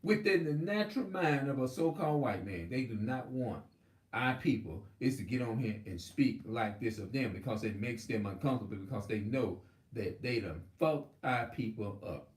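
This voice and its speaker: A man's voice: medium pitch, animated, moderate pace, echoey room. A man preaching in a rambling, heated, profane monologue. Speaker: religious video host.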